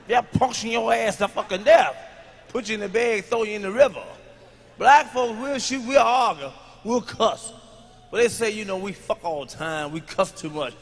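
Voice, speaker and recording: A man doing a live stand-up routine on a large stage into a handheld mic, brash and profane, dropping to mutters and rising to shouted punchlines. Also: high voice, long reverb tail. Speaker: stand-up comedian.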